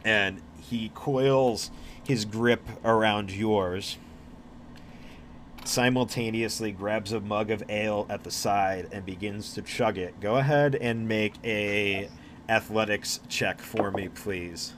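A man's voice: on the low side, fairly even intonation, slow pace, slight background noise. A man narrating and running a tabletop role-playing game as game master, casual, with frequent restarts and swearing.

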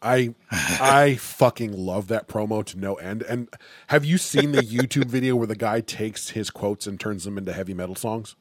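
A man talking casually and excitedly on a podcast, swearing often as he gets worked up. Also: lowish voice, normal speed, no echo. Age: adult, remembers childhood. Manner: animated, profane, gets excited.

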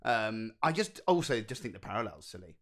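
A man co-hosting a casual podcast chat, retelling and critiquing a TV episode in a rambling, animated way. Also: lowish voice, a little fast. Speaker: podcast co-host.

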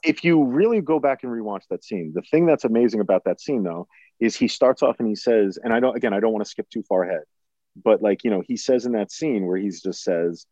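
Podcast co-host, forties, low warm voice, dry lo-fi sound; thoughtful and long-winded. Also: male voice, brisk, no echo. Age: 40s. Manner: thoughtful, builds long points with restarts. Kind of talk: casual film discussion. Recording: dull lo-fi sound.

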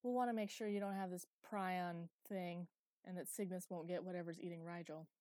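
A firm, weary middle-aged woman in charge of a space colony, voiced by a woman reading an audiobook. She talks in a matter-of-fact, no-nonsense way, with a mellow low tone. The recording is dry and close. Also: fairly even intonation, moderate pace, no echo, lightly acted. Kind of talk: audiobook character voice.

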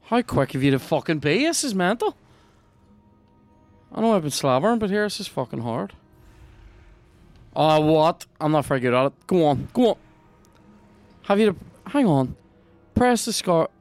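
A man with a Northern Irish accent, hosting a podcast and commenting on a video game in a sweary, excitable, jokey way. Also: on the high side, normal speed, long pauses, dry recording, soft background music. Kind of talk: casual gameplay commentary.

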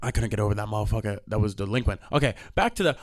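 A young man hosting a podcast, telling stories in a casual, profane rant with sudden loud outbursts. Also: fairly low pitch, expressive, racing. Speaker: podcast host.

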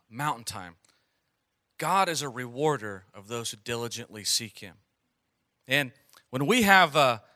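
A man preaching a sermon in a conversational way, asking the congregation questions and acting out a mumbled prayer in a low voice. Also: pushed and bright. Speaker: pastor.

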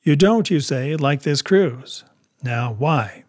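Calm, reasoning country doctor, voiced by a male narrator; measured and unhurried. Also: on the high side, no room sound, studio quality. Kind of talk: audiobook character reading.

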